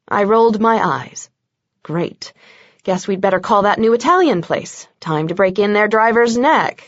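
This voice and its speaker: A woman's voice: mid-range voice, unhurried, no echo. Woman narrator, wry and sarcastic, first-person audiobook, dry dull recording.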